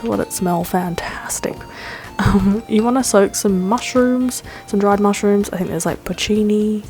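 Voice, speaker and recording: This vlog host has a mid-range, somewhat dark-toned voice. She first narrates a film essay and then switches to an excited, chatty walkthrough of a recipe, full of laughter and filler words.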